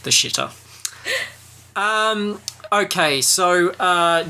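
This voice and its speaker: Woman, low voice, bright tone, crude jokey podcast banter. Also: animated, normal speed. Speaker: podcast host. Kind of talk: casual comedic book chat.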